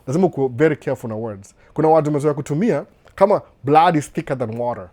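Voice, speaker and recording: A man with a Kenyan accent hosting a casual live Q&A, animated, often repeating "no, no" and laughing. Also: on the high side, quick pace. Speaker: livestream host answering viewer questions. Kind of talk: casual live Q&A, mixing Swahili and English. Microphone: desk microphone with computer setup.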